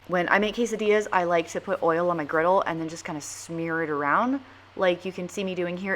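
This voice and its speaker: A woman's voice: fairly low pitch, fairly bright tone. A mom hosting a casual cooking vlog from her home kitchen, chatty and jokey as she walks through family dinners.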